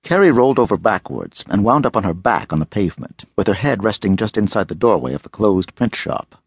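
A man narrating an audiobook thriller in a dramatic, expressive storytelling style on a close studio mic. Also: on the low side, a little fast, slightly rough, dry recording.

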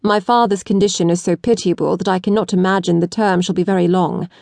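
A cool, blunt aristocratic young man, as read by a woman narrator. He lays out his terms calmly and without warmth, in a measured, businesslike way. The sound is dry and close, with no room. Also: lowish voice, vocal fry, dry recording.

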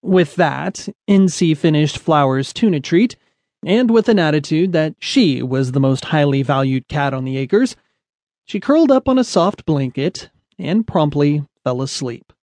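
A man narrating a children's picture-book story with a lively, expressive storytelling delivery. His voice sits a little high for a man. The studio recording is close and dead dry. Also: measured pace, dry recording. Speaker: audiobook narrator.

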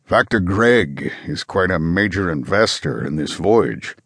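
A gruff but nervous starship captain giving grudging orders, as a man voices him. His voice sits low and a little altered from the narrator's own. The recording is close and dry. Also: lively intonation, unhurried, fairly bright tone, no room sound, exaggerated voice. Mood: wary.

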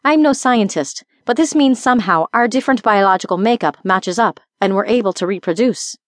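A woman's voice: mid-range voice, brisk, dry recording, clean studio sound, natural voice. A woman voicing a flirty Scottish dragon-shifter bounty hunter in an audiobook, teasing and affectionate, with a Scottish accent. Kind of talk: audiobook character voice.

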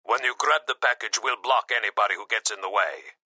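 A man narrating an audiobook voices an out-of-breath henchman with a foreign accent, speaking quickly and urgently over a radio earbud. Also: fairly low pitch, bright, forceful tone, no echo, pitched above the performer's own voice. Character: male henchman, out of breath, eager.

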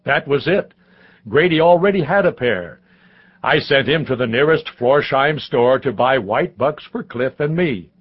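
A man narrating a memoir audiobook in the first person, with measured storytelling, on a dull, lo-fi recording. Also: medium pitch, lively intonation.

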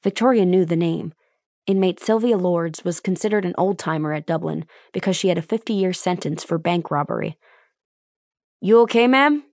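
Low-voiced woman narrating an audiobook. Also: steady tone, brisk, warm tone, dry recording, studio quality. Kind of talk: scripted narration.

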